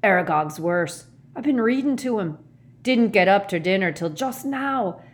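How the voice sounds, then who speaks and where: Woman voicing a loud, panting giant gamekeeper. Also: mid-range voice, animated, measured pace, pitched above the performer's own voice, lightly acted. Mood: weary. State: out of breath. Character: giant bearded male gamekeeper, gruff.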